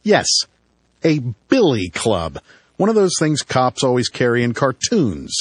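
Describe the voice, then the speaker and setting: A man's voice: mid-range voice, wildly swooping pitch, measured pace, husky, dry recording. A man narrating a first-person audiobook with dry, wry storytelling.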